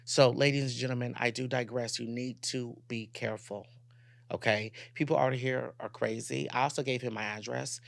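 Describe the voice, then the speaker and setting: A young man hosting a solo podcast, telling a personal story in a candid, profane, animated way and talking straight to his listeners. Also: medium pitch, normal speed, vocal fry, dry recording. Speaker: podcast host.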